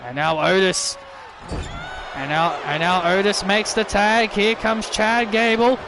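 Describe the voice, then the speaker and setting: A man doing excitable play-by-play wrestling commentary over a video game, repeating himself and bursting into shouts. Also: sits high, measured pace, background noise.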